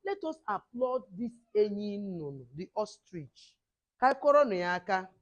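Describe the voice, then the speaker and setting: A middle-aged woman with a hoarse voice, leading children at a camp in lively call-and-response. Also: mid-range voice, normal speed, lo-fi sound, background noise. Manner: animated, call-and-response, mixing two languages. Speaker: camp teacher.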